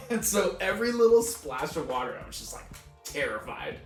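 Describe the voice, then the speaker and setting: A podcast co-host with a slightly high voice tells a long, casual story at a moderate pace, laughing often and swearing freely as he animatedly retells it. The recording has a roomy echo, a distant mic, and faint music.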